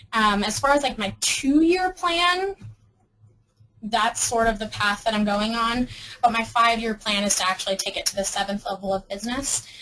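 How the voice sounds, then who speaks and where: A woman's voice: mid-range voice, fairly bright tone, a little hiss or hum, rough recording. A young woman giving a casual, upbeat webinar talk with many ums and restarts. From Arizona. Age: young adult. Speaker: webinar presenter.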